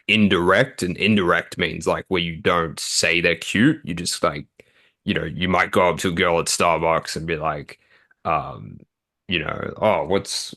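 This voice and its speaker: Deep bright-toned man coaching casually. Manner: relaxed, filler-heavy explaining. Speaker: dating coach. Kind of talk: casual interview talk.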